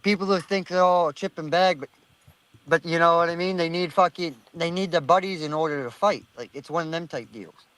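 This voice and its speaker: A man's voice: a little high, fairly quick, fairly bright tone, clean tone, no echo, rough recording. A man telling a heated, profanity-filled story on a casual online panel call.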